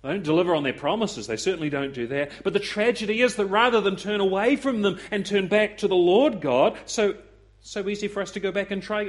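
A male preacher delivers a sermon in a slightly higher-than-usual voice. He talks with expressive swings, putting on the voices of the people he quotes. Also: a little fast. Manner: expressive, acts out quoted voices with rising pitch.

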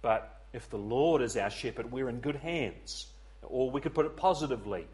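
This evening sermon comes from a man of medium pitch who speaks at a moderate pace in an animated, earnest, pleading way. His volume rises high and then drops to almost a hush, and he repeats words as he hunts for what to say.

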